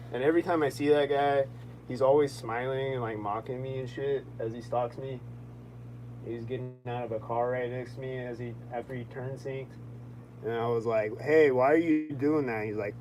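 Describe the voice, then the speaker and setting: A young man talking casually in a vlog, rambling and filling his speech with "like", quick to sound annoyed. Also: medium pitch, steady tone, a little mellow, slight background noise, poor audio. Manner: rambling, heavy on "like", quick-tempered. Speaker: vlogger.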